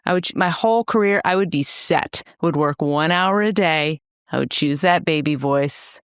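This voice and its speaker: A young woman co-hosting a podcast with low, teasing delivery. She jokes and riffs in casual chat. The sound is dry and close, with no room echo. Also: moderate pace, smooth. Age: young adult. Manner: playful, teasing banter. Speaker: podcast co-host.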